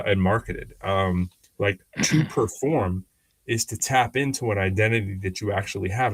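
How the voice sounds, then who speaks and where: A man's voice: on the low side, no room sound. A man co-hosting a talk show, speaking in casual, rambling storytelling with many restarts and acting out other people's lines in shifting voices. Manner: animated, acts out quoted people in changing voices; rambling with frequent restarts and fillers. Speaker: podcast co-host.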